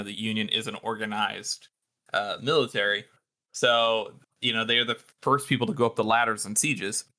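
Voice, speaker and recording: Male co-host, bright tone, rambling casual podcast chatter with frequent fillers. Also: medium pitch. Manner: rambling, many fillers and restarts. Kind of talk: casual book discussion.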